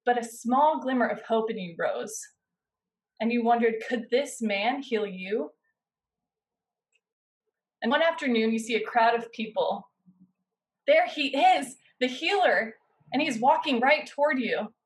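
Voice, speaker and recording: A woman's voice: fairly high pitch, poor audio. Woman preacher leading a guided scene. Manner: speaks in second person, slow dramatic pauses. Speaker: pastor. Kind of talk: sermon with guided imaginative narration.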